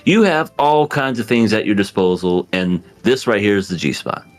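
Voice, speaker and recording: A man co-hosting a casual podcast, telling crude, drawn-out stories and laughing often. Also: fairly low pitch, animated, soft background music. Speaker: podcast co-host.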